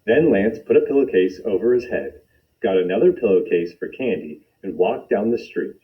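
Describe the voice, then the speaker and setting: A man reading a children's picture book aloud with expressive, animated storytelling. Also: lowish voice, normal speed. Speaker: storytime reader. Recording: dull lo-fi recording.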